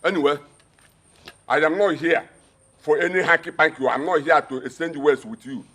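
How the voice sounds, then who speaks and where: A man's voice: on the high side, steady tone, normal speed, fairly bright tone, slightly rough. An actor playing a scornful, pushy man who mocks and dismisses her. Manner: sneering, dismissive. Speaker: relative come to take her home. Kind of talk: film drama acting.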